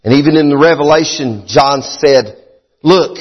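A middle-aged man preaching a sermon as a pastor, a little out of breath. He repeats his phrases and swings between high, fervent bursts and low, chatty asides. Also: moderate pace, breathy edge. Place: church sanctuary. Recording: muffled sound in a hall with long reverb.

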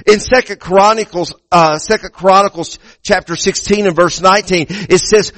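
A man's voice: sits high, steady tone, normal speed, hardly any pauses, a bit bright, no echo. A male pastor preaching a sermon in a church, emphatic, repeating words as he restarts and building to raised peaks.

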